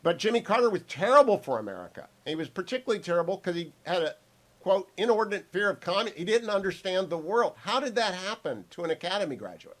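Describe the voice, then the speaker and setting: A man's voice: high-pitched, sing-song, fast talker, a bit bright. A man hosting a radio talk show, interviewing a guest and plugging a book with an emphatic, punchy delivery.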